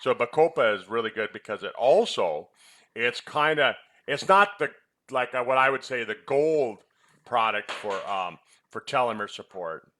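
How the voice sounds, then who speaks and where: With slight background noise, an animated man speaks at normal speed in a bright, forceful, medium-pitched voice. He presents health products, previously ran a clinic, and rambles about supplements while quizzing his co-host in jest.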